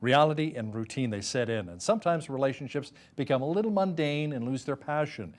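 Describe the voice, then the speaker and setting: A man hosting a local newscast, asking guests brisk, conversational questions. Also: mid-range voice, lively intonation. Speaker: news anchor. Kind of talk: news interview hosting.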